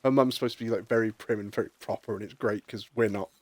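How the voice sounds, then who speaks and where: A man's voice: on the low side, fairly even intonation, fast. A man hosting a live stream, chatting casually, telling rambling stories and swearing freely. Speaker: streamer host. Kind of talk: casual chat.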